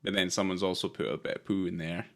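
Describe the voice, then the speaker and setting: A man's voice: low-pitched, flat delivery, fast talker, a bit bright. A man co-hosting a podcast, chatting casually about a film in a rambling, sweary way that keeps interrupting itself. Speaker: podcast co-host. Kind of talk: casual film review chat.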